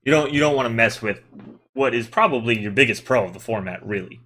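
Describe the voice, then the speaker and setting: A man's voice: mid-range voice, lively intonation, fast talker, sharp tone. A man hosting a casual gaming podcast, chatty and teasing, explaining rules at length. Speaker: podcast host.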